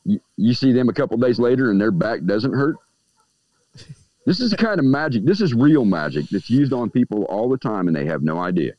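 A man appears as a guest in a casual podcast conversation about everyday magic, smoking a cigar as he talks and acting out the people he quotes. His mid-range voice swings widely in pitch at a brisk pace, and the dull, dry lo-fi audio carries no room sound.

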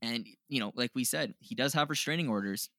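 Man, podcast co-host, casual chat, laughs a lot, profane, bright, dry. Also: mid-range voice, fairly quick, dry recording.

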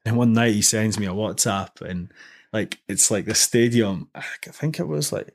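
A man's voice: on the low side, expressive, normal speed, creaky. A young man chatting as a podcast guest, telling stories loosely with lots of fillers and restarts. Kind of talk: casual podcast chat.

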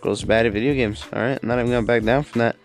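Young dude rambling on his own podcast, slangy, lots of uh and man, regular pitch. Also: fairly even intonation, racing, soft background music. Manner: rambling, with restarts and fillers. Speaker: podcast host. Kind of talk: casual rambling monologue.

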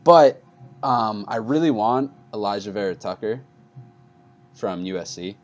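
Animated man from New York talking football. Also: a little slow. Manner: animated, pitch jumps up when arguing. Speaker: podcast co-host. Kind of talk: casual sports chat.

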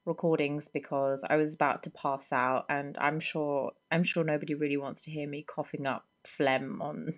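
A young woman in her twenties, hoarse from a cold, chatting casually and rambling on her solo podcast into a microphone. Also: low voice, little pitch movement, moderate pace, hardly any pauses. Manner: rambling and chatty, many fillers. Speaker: podcast host.

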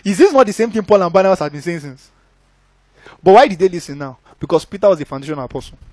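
A young man preaching a sermon in an animated, conversational way, often checking that listeners follow. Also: high voice, quick pace, no echo.

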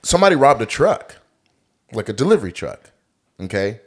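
A man co-hosting a podcast, chatting casually and telling stories in an animated, joking, profane way. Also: medium pitch, brisk, slightly rough. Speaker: podcast co-host.

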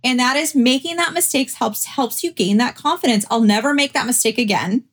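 A woman's voice: fairly high pitch, brisk. Chatty woman podcast co-host. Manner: chatty, animated storytelling with many fillers. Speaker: real estate agent. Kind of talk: casual chat.

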